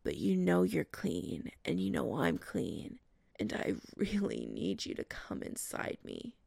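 A soft-spoken young man murmurs in a low, half-whispered voice, as a woman reading a story puts him on. The tone is gravelly and slow. The recording is dry and close. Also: wildly swooping pitch, no echo, exaggerated voice. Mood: hushed.

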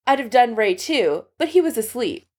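A woman's voice: fairly high pitch, big pitch swings, moderate pace, a little mellow, breathy edge, voice pushed up. A woman voicing a prim, stubborn young man. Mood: prim, defiant.

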